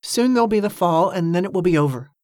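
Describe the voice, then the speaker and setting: A woman voicing a frightened young woman trapped in a barrel, talking herself down in a hushed, strained way. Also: fairly low pitch, expressive, quick pace, no room sound, clean studio sound, close to an everyday voice. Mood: self-calming.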